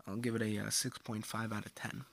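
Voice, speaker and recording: A man hosting a casual comic-strip review show, speaking in a dry, offhand way with frequent pauses. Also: lowish voice, flat delivery, creaky, a bit bright.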